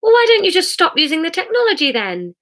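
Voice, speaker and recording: Storybook: woman reading a plain-spoken, puzzled man, blunt and high-voiced. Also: huge pitch swings, fast, fairly bright tone, heavily acted. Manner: blunt, matter-of-fact questions.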